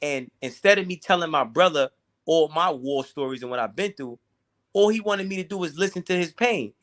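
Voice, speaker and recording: Bright-voiced man telling a raw story. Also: fairly high pitch, lively intonation. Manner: profane, halting, repeats words. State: teary. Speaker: guest. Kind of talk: casual candid storytelling.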